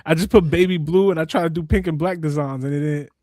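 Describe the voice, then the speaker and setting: A man's voice: fairly high pitch, fast, mellow, no echo, studio quality. A young man co-hosting a casual podcast, joking in slangy talk and addressing the chat. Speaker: podcast co-host.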